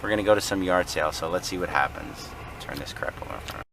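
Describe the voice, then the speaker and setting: A man's voice: low-pitched, fast, fairly bright tone, a little hiss or hum. A man vlogging casually from a car, joking, laughing often and mimicking friends in silly voices. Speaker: reseller vlogger. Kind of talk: casual car vlog chat.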